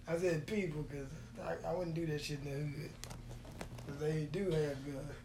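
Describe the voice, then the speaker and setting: Casual and rambling, this storytelling monologue comes from a Texas vlogger who swears, jokes and laughs often between lines. The voice is mid-range, steady in tone and moderately paced; the room echoes and a faint hum runs underneath.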